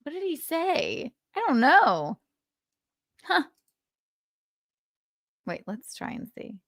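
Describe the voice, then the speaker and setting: A woman's voice: high-pitched, sing-song, slow, fairly bright tone, no echo, studio quality. A woman hosting a livestream, chatting casually and giggling as she reacts to a clip. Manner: giggly, musing aloud. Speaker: livestream host.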